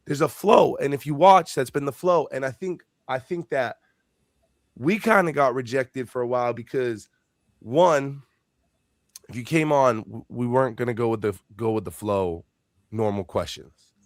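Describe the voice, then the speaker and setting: A man hosting a live podcast talks in a mid-pitched voice that sits plain and dry in the mix. He tells long stories in a loose, casual way and swears often. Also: moderate pace, dry recording. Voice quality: profane, animated storyteller. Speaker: podcast host.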